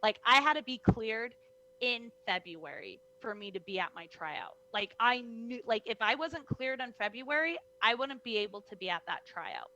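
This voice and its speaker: A young woman, a wrestler, telling her story in an animated interview, acting out the people in it, heard over a video call. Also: fairly high pitch, normal speed, a little hiss or hum, low-quality recording. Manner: lively, acts out voices in her stories, many "like"s. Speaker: guest, professional wrestler.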